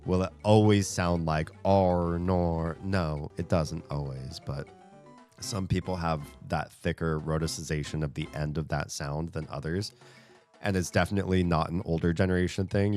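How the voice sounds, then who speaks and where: Casting: male streamer, very low voice, loose rambling chat over a game, faint music underneath. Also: darkish tone. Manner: rambling, thinks aloud, chuckles often. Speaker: streamer playing a rhythm game. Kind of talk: casual chat while gaming.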